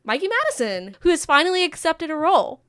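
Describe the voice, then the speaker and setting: A woman's voice: very high voice, sing-song, fast, a bit bright. A woman in her twenties from the American Midwest, co-hosting a podcast in casual, gushing chat. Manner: chatty, gushing, quotes herself. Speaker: podcast co-host.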